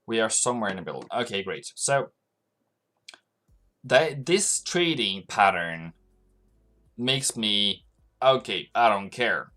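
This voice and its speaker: Low-voiced man rambling through a livestream. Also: sing-song, slow, pauses often, sharp tone. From Norway. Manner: loose and rambling, talking to chat while working through charts. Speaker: forex trading livestream host. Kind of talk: live-stream market commentary.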